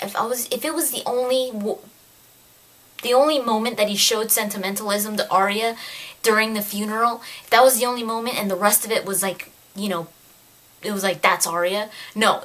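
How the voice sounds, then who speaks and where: A woman giving a casual spoken book review, ranting in an exasperated, animated way. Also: mid-range voice.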